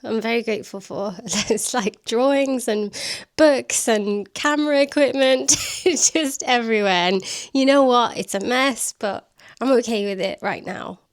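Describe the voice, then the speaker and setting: Slow-talking chatty woman vlogger. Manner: chatty and self-deprecating, laughs often; baby-talk to her dog, higher and softer. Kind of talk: casual vlog chat. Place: home living room, indoors.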